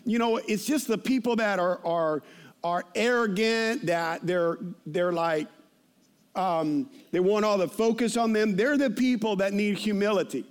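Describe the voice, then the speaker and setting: A pastor in his fifties delivers a sermon in a fairly high voice. He tells stories with animated energy and shouts at the punchlines. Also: a little slow, clear, resonant tone. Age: 50s.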